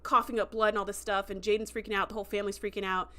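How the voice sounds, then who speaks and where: A woman's voice: mid-range voice, flat delivery, racing, sharp tone. A woman hosting a casual livestream review, telling the story in an emotional, chatty way and acting out the quoted lines in voices. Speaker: host.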